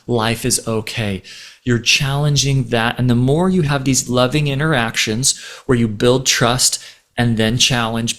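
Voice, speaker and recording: A man giving a relationship talk, explaining gently through a story and acting out the quoted voices. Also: mid-range voice. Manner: acts out quoted voices in stories. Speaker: relationship speaker.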